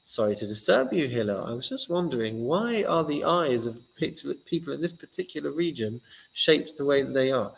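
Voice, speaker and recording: A man's voice: medium pitch, lively intonation, moderate pace, creaky, a little hiss or hum, poor audio. A man voicing a provoking visitor who pesters with silly questions in an overly polite way. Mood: needling.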